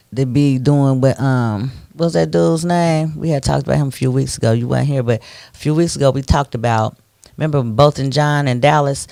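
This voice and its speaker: A man hosting a radio talk show, ranting in an animated, preachy way into a studio microphone. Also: medium pitch, no echo.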